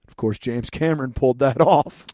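A man's voice: medium pitch, a little fast, mellow, dry recording, studio quality. A man chatting casually as a podcast co-host, telling stories with frequent laughs, fillers and restarts. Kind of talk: casual chat.

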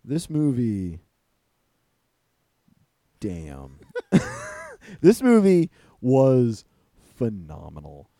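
Mellow-voiced man chatting about movies. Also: medium pitch, huge pitch swings, creaky, no echo, studio quality. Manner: laughs often, halting with fillers and restarts. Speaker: podcast host. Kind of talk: casual movie review chat.

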